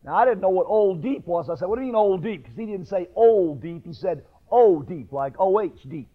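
A middle-aged pastor from northern New York, praying and then telling a homespun story in a sermon, building up to raised emphasis. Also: male voice, high voice, lively intonation, fairly quick. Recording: tinny phone-like radio recording.

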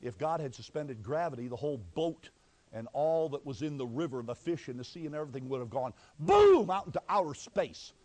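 A man's voice: mid-range voice, a little fast, a little mellow, poor audio. A male preacher delivering an impassioned, emphatic sermon.

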